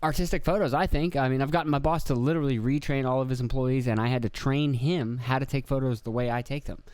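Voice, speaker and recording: A man's voice: medium pitch, steady tone, quick pace, a little mellow, smooth, no room sound. A young man hosting a casual solo podcast, rambling and swearing, laughing at himself and acting out quoted voices. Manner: rambling, profane, self-deprecating, acts out quotes. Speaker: podcast host. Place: indoor room with video camera.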